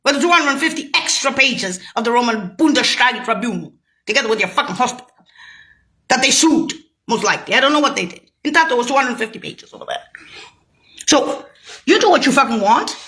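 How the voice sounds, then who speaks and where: A woman's voice: fairly high pitch, lively intonation, a little fast, sharp tone. A woman in a rambling, profane, sarcastic monologue, agitated and mocking. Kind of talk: ranting monologue to camera.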